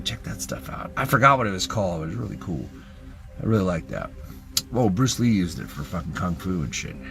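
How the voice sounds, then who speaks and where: Young guy ranting and cussing nonstop, bright pushy voice, pitch all over the place. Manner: rambling and swearing, jumping between hype and mumbling. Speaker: TikTok ranter. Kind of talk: profane self-help rant.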